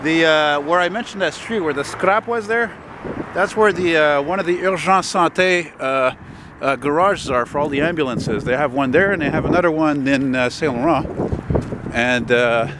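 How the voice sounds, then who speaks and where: A middle-aged man with a slightly high voice chats loosely and swears freely while walking a city street. Traffic and street noise fill the outdoor recording from a handheld camera mic. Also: normal speed. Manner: chatty, swears freely, spots buses and trucks. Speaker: vlogger filming a street walk. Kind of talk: casual rambling commentary.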